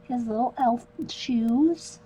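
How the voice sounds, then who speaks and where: A woman's voice: a little high, slow pace, mellow, husky. A woman hosting an art livestream, chatting casually with viewers as she draws and laughing often. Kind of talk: casual livestream chat while drawing.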